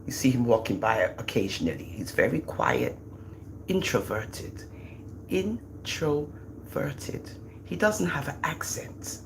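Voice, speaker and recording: Gravelly Jamaican woman, lively chat. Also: extremely low pitch, normal speed, slight background noise. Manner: animated, teasing, boastful about her children. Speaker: livestream host. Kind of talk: casual livestream chat.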